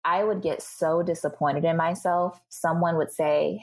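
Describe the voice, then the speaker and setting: A young adult woman speaking as a podcast guest, telling her story candidly and acting out what other people said to her. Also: lowish voice. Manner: animated, acts out other people's remarks in quick bursts.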